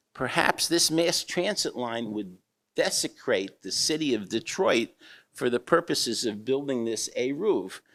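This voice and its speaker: A man playing an earnest male transport official who talks haltingly, within a humorous anecdote. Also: medium pitch, fairly bright tone.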